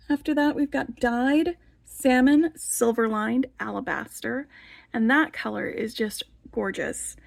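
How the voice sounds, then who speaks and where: A chatty, enthusiastic woman hosts a casual show-and-tell vlog, her fairly high voice carrying a gravelly fry. She leans on filler words as she talks. The sound is dry and close, with little room around it. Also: no echo. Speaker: beading channel host.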